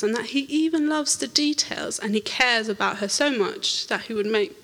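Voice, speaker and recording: A woman telling an animated church testimony, laughing often and acting out the voices in her story. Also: fairly high pitch. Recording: reverberant hall.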